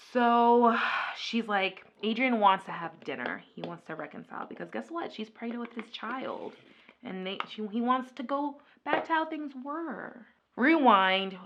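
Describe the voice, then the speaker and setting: A woman vlogger chatting casually through a makeup video, retelling a story in an animated way with lots of filler words. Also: medium pitch, lo-fi sound. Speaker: beauty vlogger. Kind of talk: casual makeup vlog chat.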